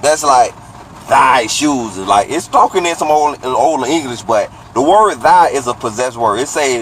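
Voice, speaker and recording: A man's voice: mid-range voice, lively intonation, fairly bright tone, low-quality recording. Guy breaking down bible verses word by word, easygoing, faint traffic out there. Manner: explains word by word, rereads verses slowly. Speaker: informal Bible teacher. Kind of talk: casual scripture teaching.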